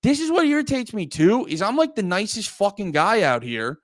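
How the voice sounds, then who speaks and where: Hosting a livestream, a comedian from Pennsylvania speaks to his chat in a heated, profane ramble. His voice is high and sing-song at normal speed, in studio quality with no room sound.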